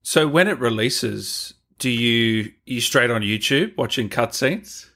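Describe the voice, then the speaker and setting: A man's voice: medium pitch, animated, slow pace, sharp tone. A man hosting an interview, friendly and playfully teasing his guest. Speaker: podcast host. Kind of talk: casual interview chat.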